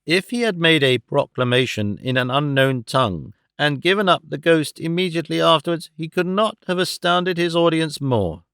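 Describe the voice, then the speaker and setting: A man narrating a classic novel audiobook with a steady, expressive reading. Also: fairly high pitch, moderate pace, hardly any pauses, smooth, no echo, clean studio sound.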